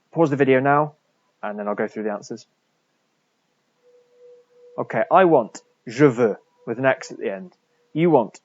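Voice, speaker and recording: Guy teaching french on a recorded lesson, patient, says the words slow so kids can copy, dry dull sound. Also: medium pitch, dry recording. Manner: patient, steady, repeats French words slowly for pupils. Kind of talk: recorded remote lesson for pupils.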